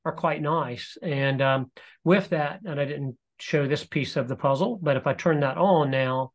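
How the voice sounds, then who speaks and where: Man giving a relaxed software demo. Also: on the high side, unhurried. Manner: relaxed, explanatory, with frequent fillers. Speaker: presenter demonstrating e-learning software. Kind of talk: live webinar software demo.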